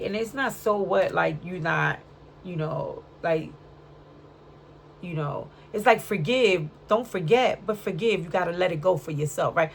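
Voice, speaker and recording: A woman's voice: fairly low pitch, vocal fry, a little hiss or hum. A woman giving a casual spiritual card reading, chatty and full of slang, often checking in with "right?". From Puerto Rican, raised in Brooklyn. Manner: chatty, frequent "right?" tag questions; streetwise slang. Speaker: tarot reader.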